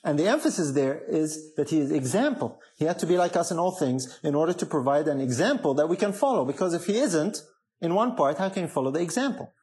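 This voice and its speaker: A man's voice: fairly high pitch, expressive, quick pace, darkish tone. A man preaching a sermon, emphatic, often asking the congregation questions.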